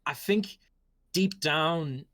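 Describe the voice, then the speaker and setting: A man's voice: fairly high pitch, very slow, a bit bright. A man hosting post-match interviews, asking rambling questions full of ums and restarts.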